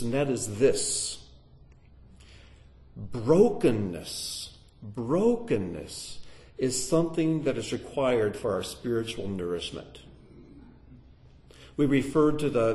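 A man teaching a Bible lesson to a live audience in sermon style, putting questions to the listeners. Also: mid-range voice. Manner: animated, asks the audience questions. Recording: echoey room.

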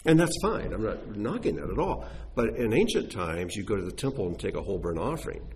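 Against slight background noise, a man with a lowish voice preaches fairly quickly from scripture. His sermon is animated and full of emphatic rhetorical questions, his pitch rising and falling as he stresses points.

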